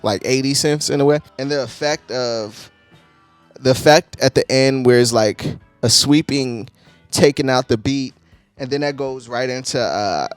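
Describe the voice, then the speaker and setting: A man casually reviewing an album, profane and quick to laugh, with excitable bursts. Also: mid-range voice, no echo. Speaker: album reviewer, channel host. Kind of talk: casual music review talk.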